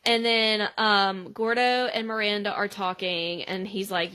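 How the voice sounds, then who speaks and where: Bright-voiced woman podcast co-host. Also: mid-range voice, fairly even intonation, a little slow, clear, resonant tone. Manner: chatty, acts out quotes. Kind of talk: casual episode recap.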